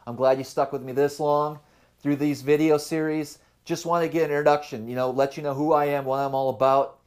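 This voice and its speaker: A man's voice: on the high side, a little fast. A young adult man hosting his own fishing channel, telling his tournament story in a loose, rambling way. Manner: rambling, relaxed storytelling with fillers. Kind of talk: casual vlog talk to camera.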